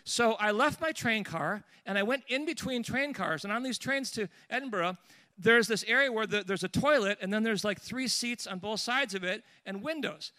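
A man preaching and telling a lively personal story, with restarts and asides along the way. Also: high-pitched, moderate pace, dry recording. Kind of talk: storytelling sermon.

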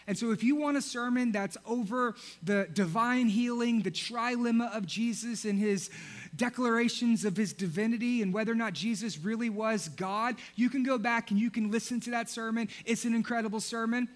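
A young man preaching a sermon, telling a story in an animated way and acting out the characters. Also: sits high. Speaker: pastor.

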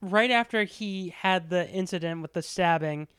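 A woman's voice: on the low side, normal speed, clear, resonant tone, no room sound, clean studio sound. A woman co-hosting a podcast, telling a gossipy story in casual chat and swearing freely. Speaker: podcast co-host.

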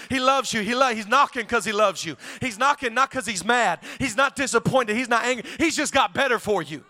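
A man preaching to a congregation in a high, bright, ringing voice. He drives home his points with repeated phrases, rising to shouted calls for praise. Then he pulls back into quiet, intimate stretches. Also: brisk, hardly any pauses, long reverb tail, some chatter behind. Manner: swings between shouted exclamations and hushed, quiet passages; repetitive, emphatic phrasing. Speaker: pastor. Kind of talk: live sermon. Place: church service.

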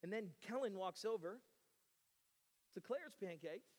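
Male preacher, high voice, animated and dynamic, long hall reverb. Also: a little slow. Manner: animated, swings between loud and hushed, acts out voices. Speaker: pastor. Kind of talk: sermon.

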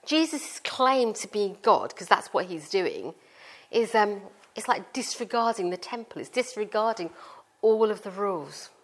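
A middle-aged woman with a British accent gives a conversational sermon, chatty and informal, explaining her points through everyday family stories. Her mid-range voice is sing-song and a little slow.

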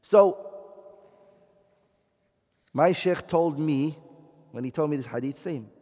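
A man lectures to a class in a fairly high voice, slowing down to explain and pausing to ask if everyone follows. His voice rings with long reverb from a large room. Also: dark tone. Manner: explains slowly, checks understanding with questions. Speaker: teacher.

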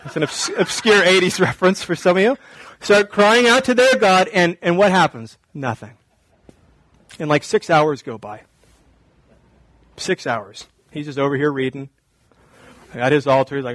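A male pastor preaching with a high voice in an animated, joking storytelling style. The sound is dry and close, with no room echo. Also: normal speed. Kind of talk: sermon.

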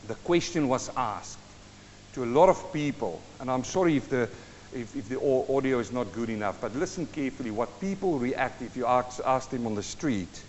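A man's voice: medium pitch, a little mellow, slight background noise. A man preaching a fervent sermon to a church congregation, addressing them directly. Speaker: pastor. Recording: dull echoey church recording.

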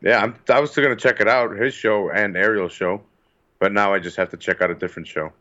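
Very deep guy w a bright edge, laid back, swears, kinda muffled lo-fi sound. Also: fairly even intonation, quick pace. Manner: laid-back, short agreeing replies, swears. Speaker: podcast co-host. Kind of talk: casual chat.

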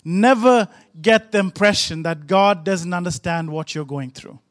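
Man, pastor, high voice, emphatic sermon delivery, rhythmic repetition. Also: unhurried, dry recording.

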